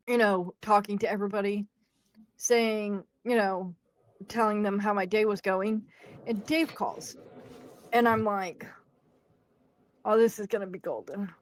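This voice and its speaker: A woman's voice: a little high, no echo. A young adult woman hosting a podcast, telling a story in casual chat, acting out quotes and laughing along. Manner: animated, acts out quotes with laughs.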